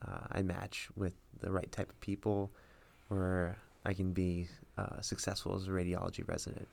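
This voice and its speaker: A man in his twenties, a guest on a podcast, calm with dry humor. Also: low voice, moderate pace, vocal fry. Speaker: guest, future radiology resident. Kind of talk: casual interview.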